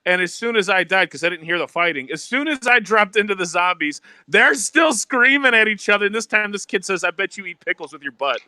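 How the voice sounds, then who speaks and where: A man co-hosting a casual gaming chat, telling animated stories and mimicking yelling kids. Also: high-pitched, brisk, few pauses, dry recording. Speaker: co-host.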